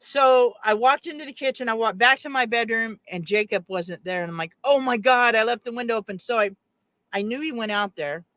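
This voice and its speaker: Woman guest, animated storyteller, bright voice, dry sound. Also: fairly high pitch, a little fast, no room sound. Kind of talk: casual chat.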